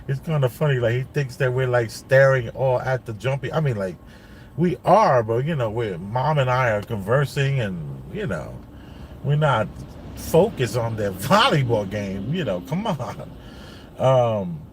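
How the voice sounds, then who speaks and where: A man's voice: mid-range voice, big pitch swings, unhurried, slight background noise. A father telling a family story in a casual, rambling way, full of like and you know, while sitting in a car. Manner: rambling, lots of like and you know, repeats himself. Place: inside a car.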